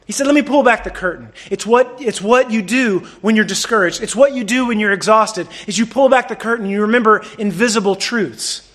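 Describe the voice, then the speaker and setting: A man preaching a sermon in a lively, conversational way, swinging between loud bursts and hushed lines. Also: high-pitched, a little fast. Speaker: pastor.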